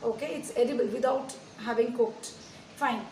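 A woman teacher giving a slow, deliberate lesson to young pupils, asking them many questions. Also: on the high side, darkish tone. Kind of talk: recorded classroom lesson. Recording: echoey room, distant mic, faint hiss.

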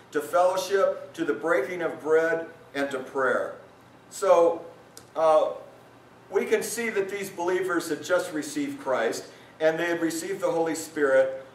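A male pastor preaching a lively sermon at a men's retreat, his voice climbing when he acts out the crowd. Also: slight background noise. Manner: animated, voice rises high when acting out listeners. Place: conference hall at a retreat. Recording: roomy hall sound, mic from a distance.

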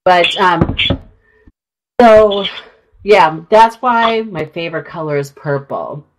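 Slow and expressive, this lowish female voice belongs to a middle-aged woman from Minnesota co-hosting a radio show. Congested with a sinus infection and clearing her throat, she rambles through a filler-heavy story in casual chat. She uses a studio mic, but the audio is poor.

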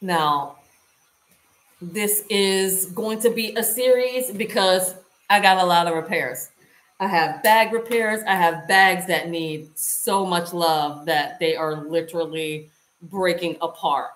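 A woman with a lowish voice talks her viewers through a hands-on demonstration at an unhurried pace, checking in with them as she goes. The sound bounces around a roomy, echoey space. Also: a bit bright. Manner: chatty, talks to viewers while working. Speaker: lifestyle vlogger. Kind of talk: casual how-to demonstration. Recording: roomy echo.

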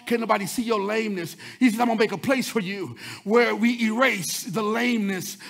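A male pastor a sermon, swinging between loud chanted shouts and quick low murmurs. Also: gravelly.

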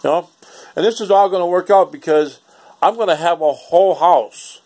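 A man's voice: high voice, normal speed, a little mellow. A man, ranting casually and profanely in a rambling home vlog. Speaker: vlogger.

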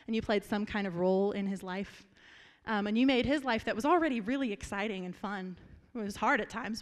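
A young woman giving a memorial speech, telling lively anecdotes with frequent laughter before turning earnest. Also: medium pitch, clear, resonant tone. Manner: lively storyteller, laughs often, turns earnest. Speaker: family member giving a eulogy. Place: memorial gathering hall. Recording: reverberant hall.

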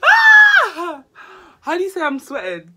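A woman's voice: medium pitch, slow, heavy background noise. A young woman, laughing often as she talks through a makeup tutorial in a casual vlog. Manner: giggly, mixes Yoruba and English. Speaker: vlogger.

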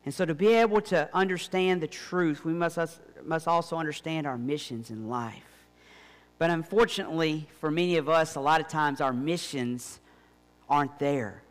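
A man preaching a sermon to his church, with emphatic, rising phrases. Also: a little high. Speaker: pastor. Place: church sanctuary. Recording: long reverb of a church hall.

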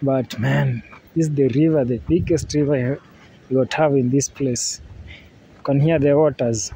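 A man casually narrating a travel vlog outdoors by a river. He talks in a relaxed way, repeats himself, and often says "yeah, man.". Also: medium pitch, moderate pace, vocal fry, rough recording. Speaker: vlogger. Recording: faint outdoor noise.

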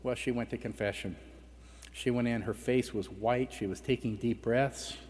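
At a conference, a middle-aged man gives a personal testimony, conversationally telling a family story and acting out the family dialogue. His mid-range voice is darkish and breathy-edged, with fairly even intonation at normal speed, recorded in a reverberant conference hall with faint background noise.

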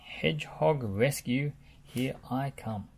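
A woman's voice: extremely low pitch, slow, darkish tone, slight background noise, exaggerated voice. A woman reading aloud, voicing an eager, brave male dumper truck in a chugging, rattling storybook voice.

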